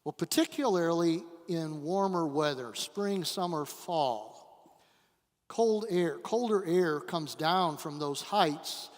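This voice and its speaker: Guest pastor, male, slow dramatic sermon delivery, slightly high voice, long church reverb. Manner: dramatic storytelling with long pauses and swings in volume. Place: church sanctuary.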